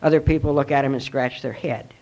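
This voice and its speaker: A gravelly, middle-aged man talks through his testimony in an earnest, reflective way. His recording sounds dull and lo-fi, with the voice sitting at a medium pitch. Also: steady tone, a little fast, darkish tone. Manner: earnest, reflective storytelling with plain fillers. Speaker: speaker at a recovery meeting. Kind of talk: personal testimony talk.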